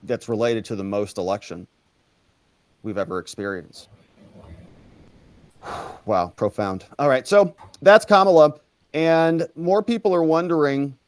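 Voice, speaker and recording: A man hosting a commentary show, mocking clips with drawn-out sarcastic repetitions. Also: mid-range voice, clean tone, dry recording.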